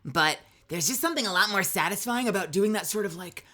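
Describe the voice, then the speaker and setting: A woman's voice: mid-range voice, expressive, fast talker, sharp tone. A woman voice actor chatting casually on a live stream, rambling with lots of fillers. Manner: rambling, many fillers, laughs often.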